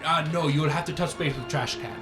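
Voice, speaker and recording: A man's voice: on the high side, fairly even intonation, a little fast, pitched below the performer's own voice, lightly acted. A man game master voicing a secretive informant in a tabletop game, giving warnings in a conspiratorial manner with bits of laughter. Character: secretive informant who has kept up an act for years. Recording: roomy, with background music.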